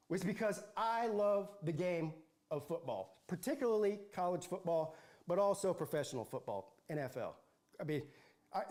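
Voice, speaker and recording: A man's voice: high voice, darkish tone. A man hosting a football livestream, ranting in a mocking, sarcastic way and rambling with restarts. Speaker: football channel host.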